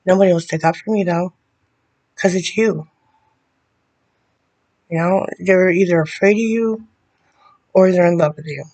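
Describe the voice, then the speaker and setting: A woman speaking straight to the camera in a video letter, bitter and confrontational, often halting and restarting her sentences. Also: on the low side, darkish tone. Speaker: vlogger addressing a public figure.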